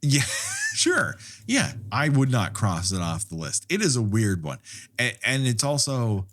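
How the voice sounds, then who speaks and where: A man's voice: mid-range voice, huge pitch swings, unhurried, a bit bright. A man co-hosting a podcast, chatting casually about a film, laughing often, swearing freely and going off on rambling asides. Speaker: podcast co-host.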